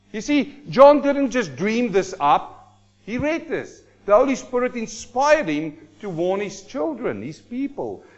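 Animated, higher-voiced male preacher. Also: muffled recording. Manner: animated, acts out everyday people in quick asides. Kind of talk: sermon. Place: church congregation hall.

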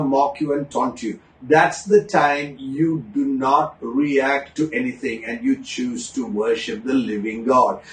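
A man preaching a sermon with emphatic repetition, swinging between rushed bursts and slow, drawn-out emphasis. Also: fairly high pitch. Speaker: pastor. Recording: echoey room, voice from a distance.

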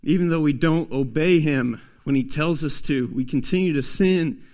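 A male pastor delivers a sermon in a slightly raised voice. He swings between punchy, emphatic lines and quiet, almost hushed asides, speaking straight to his congregation. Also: a little high, normal speed.

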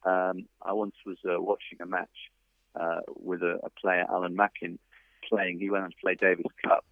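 A man's voice: deep voice, flat delivery, moderate pace, gravelly, dry recording. A man being interviewed as a tennis author, telling stories thoughtfully with frequent fillers. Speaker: tennis author and coach, guest. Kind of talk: interview over a phone line. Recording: dry, tinny phone line.

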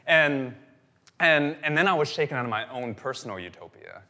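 A man's voice: on the high side, moderate pace. A man preaching a sermon as a pastor, telling stories animatedly and repeating phrases for emphasis. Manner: animated storytelling, repetitive phrasing.

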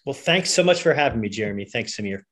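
A man from Connecticut, a lawyer and singer, speaking as a relaxed, polite podcast guest. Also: medium pitch, fast. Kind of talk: casual interview.

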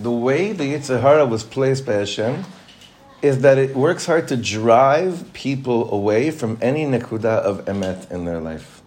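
A man's voice: medium pitch, expressive, moderate pace, darkish tone, a little hiss or hum. A man, a rabbi, teaching a Torah class, probing his students with questions and mixing in Hebrew terms.

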